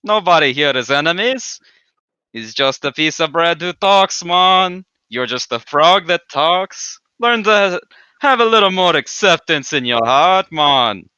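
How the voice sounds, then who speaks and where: A man voicing a mellow, ominous skeleton man with a put-on mixed Jamaican and Brazilian accent, drawling and ending lines with "man". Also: on the high side, expressive, unhurried, clean tone, no room sound, highs cut off, voice pushed up. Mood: laid-back.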